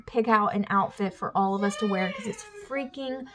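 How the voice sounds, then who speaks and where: A woman's voice: mid-range voice, sing-song, normal speed, a bit bright, a little hiss or hum. A young woman from the US South with a Southern drawl, chatting casually to camera at home in a rambling way, full of fillers and "y'all". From Alabama, US South. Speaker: family vlogger. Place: family home.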